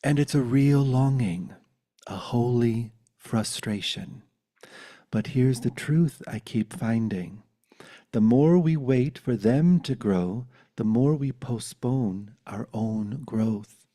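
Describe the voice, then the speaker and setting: A man leads a spiritual talk over a video call, unhurried and contemplative. His voice is mellow and warm, and he moves from reflection into a poetic recital. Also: mid-range voice. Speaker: spiritual teacher.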